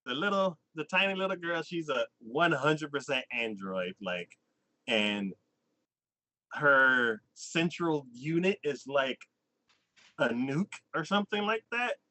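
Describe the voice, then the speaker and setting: Bright-voiced man rambling through a recap. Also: on the high side, expressive, no echo. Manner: rambling, heavy use of "like", quick restarts. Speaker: anime podcast host. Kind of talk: casual chat recapping a show. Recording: dull, lo-fi sound.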